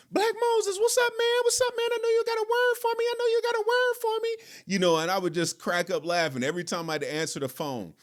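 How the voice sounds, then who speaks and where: A man hosting a podcast, telling a personal story in a relaxed, conversational way. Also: medium pitch. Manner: relaxed, conversational, lots of fillers. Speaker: podcast host. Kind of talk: casual storytelling.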